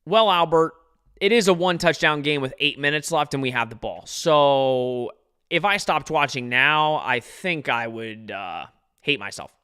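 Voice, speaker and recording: Slightly high and a touch slow, this young man's voice is clear and resonant. He's running a live watch-along podcast, fretting over a football match while answering questions from chat. The mood is jittery and eager, and he addresses his chat readers directly.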